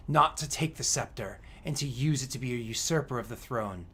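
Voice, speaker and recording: A man's voice: mid-range voice, a little fast, fairly bright tone, slight background noise, close to an everyday voice. A man voicing a stern, righteous male hobgoblin warrior who makes grave, accusing pronouncements.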